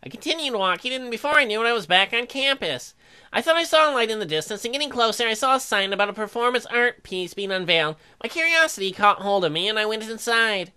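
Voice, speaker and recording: A woman reading dating-sim narration aloud in a deadpan way, broken up by crude joking asides. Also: fairly high pitch, fast, clean tone.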